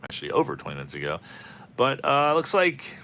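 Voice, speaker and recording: A man's voice: mid-range voice, huge pitch swings, a little fast, pushed and bright, a little hiss or hum. A man hosting a card-opening video, rambling and joking as he calls out player names. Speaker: host of a card-opening channel. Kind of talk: casual commentary while opening packs.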